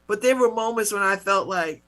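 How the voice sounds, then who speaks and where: A middle-aged woman hosting a talk show, telling a personal story in a casual, animated way, with mock-indignant retellings. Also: medium pitch, fairly quick. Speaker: radio talk show host.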